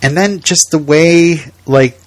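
A man's voice: a little high, slight background noise. A man co-hosting a podcast, chatting casually, often laughing and stumbling over his words. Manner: laughs often, halting, acts out lines. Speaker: podcast co-host. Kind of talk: casual chat.

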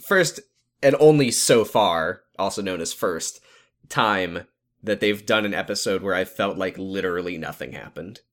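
A man's voice: low-pitched, expressive, normal speed, fairly bright tone. A man co-hosting a podcast, casually and sarcastically recapping a TV episode with lots of restarts. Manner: sarcastic, rambling, frequent restarts. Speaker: podcast co-host.

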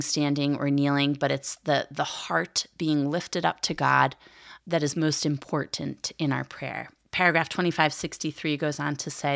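A woman's voice: sits low, gravelly. A woman in her thirties hosting a faith podcast, chatting casually and reading passages aloud. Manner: chatty, conversational, many fillers. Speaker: podcast host teaching the Catechism.

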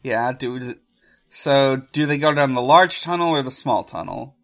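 A man co-hosting a podcast, chatting casually and reading a gamebook aloud with loose, halting phrasing and plenty of swearing. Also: medium pitch, gravelly, a bit bright. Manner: loose and profane, halting with restarts and fillers while reading.

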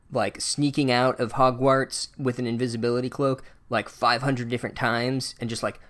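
A man's voice: medium pitch, a bit bright. A man hosting a casual comedic book recap, speaking in a sarcastic, profane, rambling way. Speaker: podcast host recapping a book.

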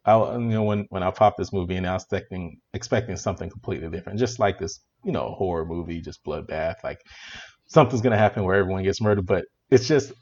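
A man's voice: low voice, quick pace, a little mellow, highs cut off, a little hiss or hum. A man in casual chat, animatedly retelling a comedy film's plot, laughing often and restarting his sentences. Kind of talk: casual movie review chat.

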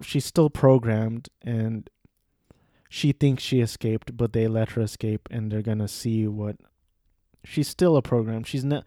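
Slow, rambling man recapping a movie. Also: medium pitch, dark tone, dry recording, studio quality. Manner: rambling, with fillers and self-corrections. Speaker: movie reviewer. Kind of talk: casual plot recap.

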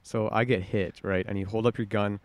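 Lower-voiced young guy telling stories. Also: brisk. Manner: animated storyteller, laughs often. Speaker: podcast co-host. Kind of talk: casual chat among friends.

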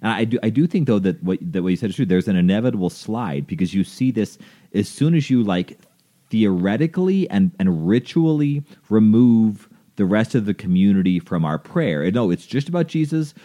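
A man's voice: fairly low pitch, very animated, normal speed, warm tone. A man talking earnestly about faith in a casual conversation, acting out little dialogues as he explains.

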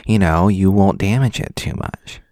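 A man co-hosting a podcast with deadpan, teasing remarks. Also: low voice, normal speed, no room sound, studio quality. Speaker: podcast co-host. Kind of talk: casual chat.

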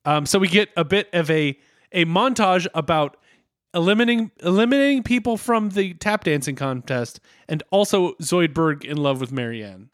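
A man's voice: a little high, expressive, normal speed, no echo, studio quality. An American man co-hosting a podcast, chatting playfully and laughing easily through an episode recap. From United States. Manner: playful, giggly, jumps into silly voices. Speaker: podcast co-host. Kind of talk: casual recap chat.

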